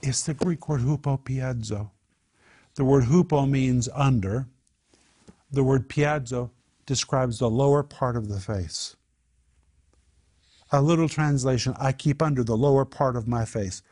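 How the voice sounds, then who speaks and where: A man's voice: medium pitch, unhurried, long pauses, dark tone, slightly rough. A man teaching a Bible study in an emphatic way, repeating his key phrases.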